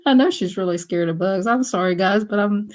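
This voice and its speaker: A woman's voice: medium pitch, fairly even intonation, normal speed. A woman telling casual stories on a live stream, chatty and laughing often as she acts out voices. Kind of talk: casual storytelling.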